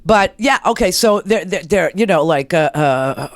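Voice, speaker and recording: A woman's voice: fairly low pitch, lively intonation, unhurried, dry recording, clean studio sound. A middle-aged woman hosting a political talk radio show, ranting in a blunt, sarcastic and crude way.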